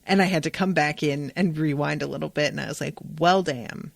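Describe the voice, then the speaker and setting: Woman host, fast casual episode recap, lots of swearing and asides, slightly low voice, dry recording. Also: gravelly, no echo. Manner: animated, profane, digressive. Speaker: podcast host.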